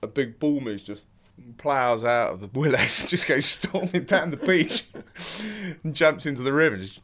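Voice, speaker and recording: A man's voice: medium pitch, expressive, moderate pace, fairly bright tone. A young man from England, a podcast guest, telling a story in a laid-back way with lots of fillers and frequent laughter. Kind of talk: casual storytelling.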